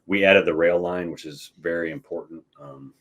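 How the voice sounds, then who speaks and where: A man's voice: low voice, fairly even intonation, moderate pace, fairly bright tone. A man who designs war games, explaining at length as a guest in a casual chat, with restarts and "right?" tags.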